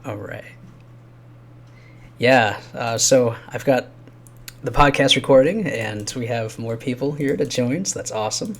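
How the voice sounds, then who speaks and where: Casual male game host, thirties, talks in loose trailing phrases with fillers. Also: mid-range voice. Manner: rambling, chuckling, trailing off into fillers. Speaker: game host recording a quest playthrough. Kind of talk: casual gaming chat.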